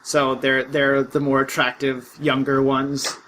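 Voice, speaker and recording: A man narrating a tabletop game as game master, relaxed and joking. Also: mid-range voice, a little slow, slight background noise, poor audio.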